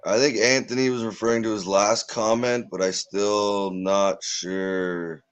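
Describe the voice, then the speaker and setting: A man co-hosting a live watch party in casual chat, mostly giving short replies and quick asides. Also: lowish voice, steady tone, clean tone.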